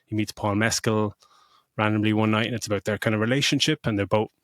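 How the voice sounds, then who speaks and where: A middle-aged man co-hosts a podcast, raving about a film in casual conversation and cursing freely as he animatedly retells it. His voice sits fairly low and moves at a quick clip, recorded dry with clean studio quality.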